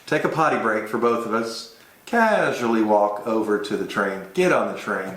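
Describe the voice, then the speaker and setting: A man recounting a wild cab ride abroad as an expat, telling it with animated energy and vivid sound effects. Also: fairly low pitch, normal speed. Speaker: expat storyteller. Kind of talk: casual travel storytelling. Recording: roomy echoey room.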